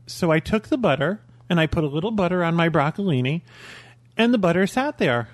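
A man's voice: high-pitched, fast, no echo. A man on a podcast telling a story in casual chat, acting out what people said. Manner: animated storytelling, acting out quoted lines. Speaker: podcast co-host.

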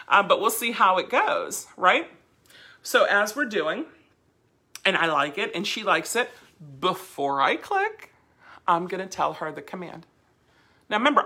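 A bright, gravelly-voiced woman leads a dog training lesson. She talks in a chatty, animated way and slips into playful voice demonstrations. Her tone is slightly husky. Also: medium pitch. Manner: lively, chatty teaching with playful voice demos.

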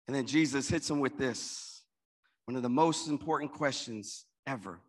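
A man preaching a sermon in church, calling out to the congregation and swinging between loud and soft. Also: fairly high pitch, big pitch swings, moderate pace. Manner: call-and-response preaching, rising and dropping volume. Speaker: pastor. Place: church with an in-person and online congregation.

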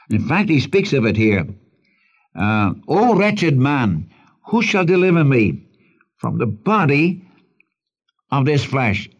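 A man's voice: lowish voice, highs cut off. A man teaching the Bible in an earnest radio sermon, repeating phrases for emphasis and calling the listener friend.

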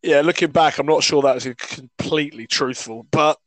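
A man co-hosting a casual podcast, hoarse and croaky, talking in a chatty, matey way. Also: fairly high pitch, normal speed, dry recording, poor audio. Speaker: podcast co-host. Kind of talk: casual chat about rugby.

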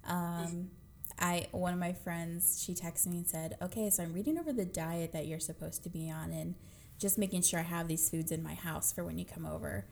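Woman, lowish pitch, earnest, casual chat. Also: moderate pace, vocal fry, slight background noise. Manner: earnest, animated when retelling quotes. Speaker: guest sharing her experience.

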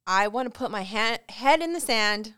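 A woman's voice: on the high side, animated, moderate pace, a bit bright, clean tone, dry recording, studio quality. A woman from California co-hosting a podcast, talking in a heated, emotional, outspoken way. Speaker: podcast co-host. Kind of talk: casual chat.

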